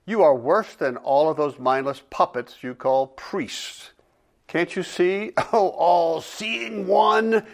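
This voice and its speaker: A man's voice: a little high, slow, gravelly. A man voicing a bitter, grieving man who mockingly accuses God in a dramatic reading. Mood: accusing.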